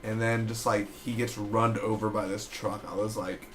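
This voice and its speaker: A man giving a loose, chatty review of a TV episode, retelling scenes with quick quoted asides. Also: on the low side, little pitch movement, fairly bright tone, roomy sound, a little hiss or hum. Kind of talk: casual solo review.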